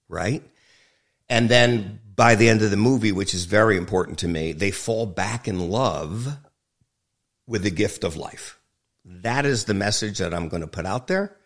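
Brief: lower-pitched man, a film director as podcast guest, candid and emphatic, curses casually. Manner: emphatic, frank, swears freely, jokes. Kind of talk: candid interview conversation.

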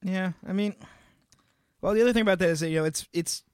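A man's voice: high voice, fast, darkish tone, clean tone, no room sound, studio quality. A young man co-hosting a casual podcast, easygoing and rambling, full of "you know". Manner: easygoing, rambling, lots of fillers. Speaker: band member and podcast co-host.

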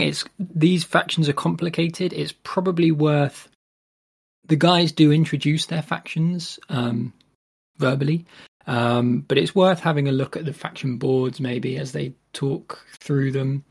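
Slow, gravelly-voiced podcast host. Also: male voice, on the high side. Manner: rambling, self-deprecating, many fillers. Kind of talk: casual podcast introduction.

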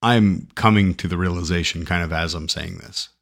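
A man co-hosting a podcast, chatting casually, joking at times and thinking aloud with halting restarts. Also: low voice, creaky, a bit bright. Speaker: podcast co-host. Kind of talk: casual chat.

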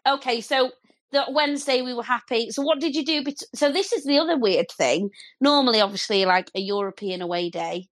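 A woman's voice: on the high side, brisk, no echo. Chatty woman podcast host. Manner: chatty, asks follow-up questions. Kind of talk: casual podcast chat.

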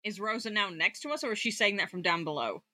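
A woman's voice: mid-range voice, animated, quick pace, pushed and bright, no echo. A woman chatting as a player in a tabletop game, talking animatedly, swearing and laughing. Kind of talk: tabletop role-play chat.

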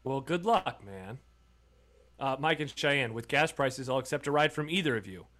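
A man's voice: mid-range voice, lively intonation, normal speed, a bit bright. A man co-hosting a casual sports podcast, answering with easygoing, wry, dry humor. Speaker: podcast co-host.

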